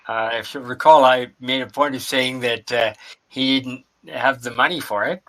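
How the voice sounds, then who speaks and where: A man running a tabletop game as game master, talking in a halting way with many fillers. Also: mid-range voice, bright, forceful tone. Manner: slow, halting, lots of uh fillers.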